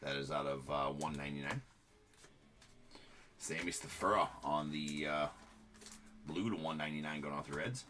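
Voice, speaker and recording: A man's voice: a bass voice, moderate pace, pauses often, music in the background. A man hosting a live-streamed trading card break, giving running commentary on each card and chatting with viewers, with frequent filler words.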